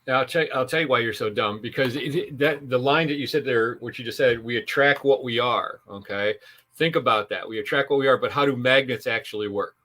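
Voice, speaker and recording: A man's voice: medium pitch, a little fast, pushed and bright, slight background noise. A man, a sales trainer on a podcast interview, giving punchy, emphatic advice with asides.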